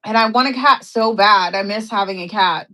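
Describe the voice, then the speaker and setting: Relaxed, talkative woman co-host. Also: medium pitch, normal speed, poor audio. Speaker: co-host and friend. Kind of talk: casual chat.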